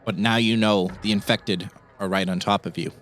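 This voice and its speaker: Low-ish male game master, measured and descriptive. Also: steady tone, a bit bright. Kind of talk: narrating a tabletop game.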